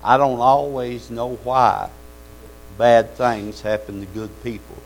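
Gravelly preacher, folksy and fervent. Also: male voice, mid-range voice, little pitch movement, slow pace, a little hiss or hum, rough recording. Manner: folksy, fervent, calls out amens. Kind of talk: sermon.

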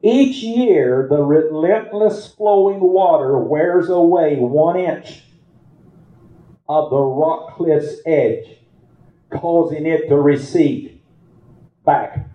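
A man's voice: a little high, drawn-out words, dark tone. Folksy preacher man, echoey church. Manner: folksy storytelling, fervent preaching. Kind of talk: sermon. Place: church sanctuary. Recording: roomy, dull lo-fi church recording.

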